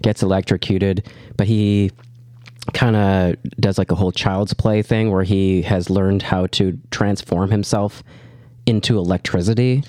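A man's voice: sits low, steady tone, measured pace, mellow, dry recording, clean studio sound. A man co-hosting a podcast, recapping a TV episode in casual chat. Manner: reads plot summary between jokes. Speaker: podcast co-host.

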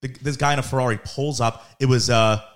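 A young man co-hosting a podcast, telling stories in an animated way and defending himself. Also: medium pitch, fairly quick. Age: young adult. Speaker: podcast co-host, son. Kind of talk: casual podcast chat.

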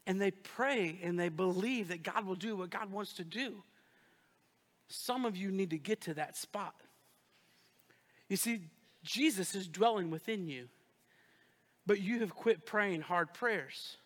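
A man preaching a sermon as a pastor, folksy and animated, calling out to the congregation. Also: high-pitched, measured pace, pauses often. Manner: folksy, animated preaching with audience call-outs. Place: large church auditorium. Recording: long hall reverb.

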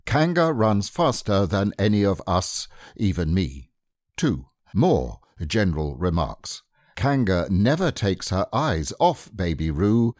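A man's voice: deep voice, a little mellow, no echo, clean studio sound, heavily acted. A man voicing a proud, fussy male rabbit who reads out his numbered plan in a storybook reading.

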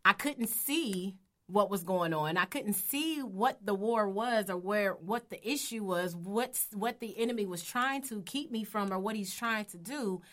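Animated woman sharing a faith story. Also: medium pitch, unhurried. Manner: animated storytelling, laughs often. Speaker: podcast co-host. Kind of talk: casual faith talk.

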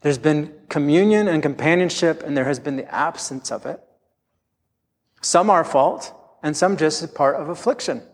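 A man's voice: a little high, normal speed, big-room sound. A middle-aged man preaching a sermon as pastor, telling candid, self-deprecating stories from his own life.

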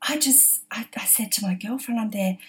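A woman's voice: a little high, normal speed. A middle-aged woman with an Australian accent hosts a podcast and tells a story casually, laughing often and restarting her sentences. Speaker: podcast host.

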